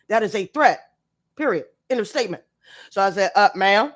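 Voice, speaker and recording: A woman's voice: mid-range voice, lively intonation, normal speed. A woman telling a story to her live-stream audience in casual chat, emphatic and profane as she rants. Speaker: tarot reader live-streaming.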